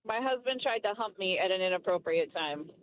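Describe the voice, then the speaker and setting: A woman's voice: mid-range voice, lively intonation, fairly quick, slight background noise. A woman calling in to a radio show, telling a story in a chatty, giggly way over the phone. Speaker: caller. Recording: tinny phone line.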